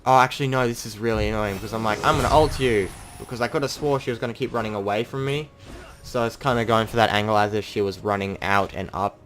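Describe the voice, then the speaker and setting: A young man commentates his own gameplay in a relaxed, chatty way, slipping into quick acted bits of his in-game calls. His voice sits a bit low. A faint noise runs under the home recording. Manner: chatty, self-mocking, acts out his own in-game quotes.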